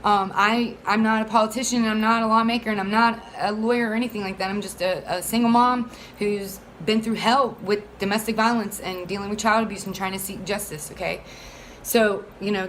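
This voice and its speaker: A woman's voice: medium pitch, fairly bright tone, a little hiss or hum, rough recording. A woman speaking as a single mother, pleading earnestly for support of a bill in a rambling, heated way full of fillers. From Florida. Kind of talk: casual advocacy monologue.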